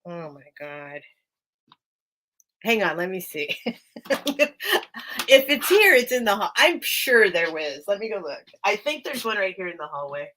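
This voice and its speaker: A woman's voice: medium pitch, big pitch swings, measured pace, pauses often, sharp tone. An American woman hosting a live sale stream, chatting casually with viewers by name and laughing often.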